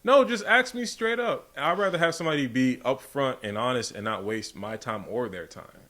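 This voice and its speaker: A man's voice: mid-range voice, lively intonation, normal speed, bright, forceful tone. Plain-spoken man on a podcast. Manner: plain-spoken, asks pointed questions, profane. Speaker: podcast co-host. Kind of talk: casual podcast chat.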